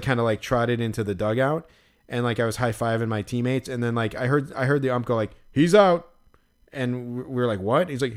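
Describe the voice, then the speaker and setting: Rambling casual man, heavy on fillers. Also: medium pitch. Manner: rambling, lots of fillers and "like", acts out quotes. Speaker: podcast co-host recapping a show. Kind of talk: casual chat.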